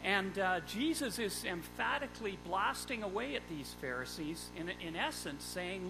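A man's voice: high-pitched, expressive, normal speed, creaky, few pauses, music in the background, poor audio. A male pastor giving a sermon, reading scripture aloud and then preaching on it with emphasis.

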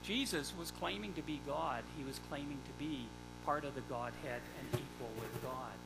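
A man's voice: mid-range voice, moderate pace, music in the background, rough recording. A male pastor giving a sermon, reading scripture aloud and then preaching on it with emphasis.

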